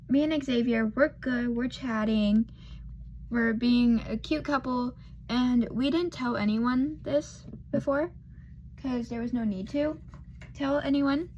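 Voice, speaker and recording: Slow-talking eighteen-year-old woman rambling. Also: on the high side, slight background noise. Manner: rambling, filler-heavy, self-deprecating; murmured asides while doing makeup. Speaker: vlogger telling a personal story. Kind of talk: casual storytime.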